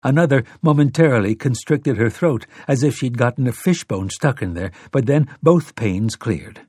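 A man narrating an audiobook with steady, dramatic storytelling. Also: medium pitch, moderate pace, husky, dry recording, clean studio sound. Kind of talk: scripted narration.

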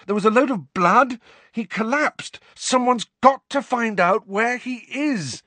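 A man's voice: extremely high pitch, a little slow, pushed and bright, dry recording, pitched above the performer's own voice, exaggerated voice. A man voicing a frantic teenage boy wizard in pain, panting and urgent as he insists on what he saw. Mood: furious insistence.

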